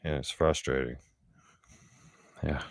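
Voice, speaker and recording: A man's voice: rumbling low, steady tone, takes it slowly, gravelly, no echo, studio quality. A middle-aged man talking bluntly and profanely in a casual monologue. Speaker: vlogger.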